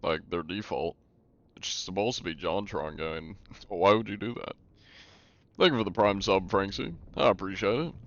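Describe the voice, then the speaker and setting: A man's voice: low-pitched, moderate pace, fairly bright tone, dry recording, lo-fi sound. A man streaming live, chatting casually while gaming and answering his chat, rambling with many fillers and restarts.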